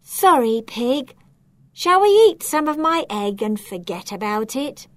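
A woman voicing a proud, excitable hen in a children's storybook, with a high, emphatic delivery. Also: measured pace, dry recording. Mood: bright. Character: proud excitable female hen, a chocolate sculptor. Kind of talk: storybook character voice.

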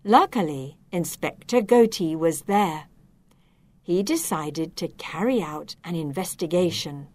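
Slow expressive woman reading a children's story. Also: fairly low pitch. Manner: slow, expressive and clearly enunciated. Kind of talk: children's story read aloud.

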